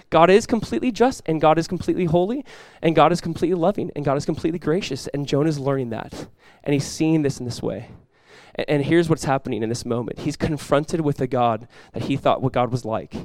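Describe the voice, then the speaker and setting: A man preaching in a fairly high voice, chatty one moment and forceful the next as he drives home his points. The sound is dry and close, with little room around it. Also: no echo. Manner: conversational and emphatic, rising to loud passionate peaks. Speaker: pastor. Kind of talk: sermon.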